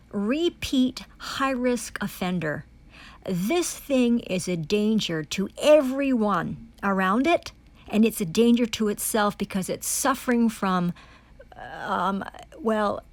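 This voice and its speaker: A woman giving an angry testimony, ranting in furious, profane accusations, repeating herself and restarting phrases. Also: on the high side. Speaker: self-described foreign diplomat giving testimony.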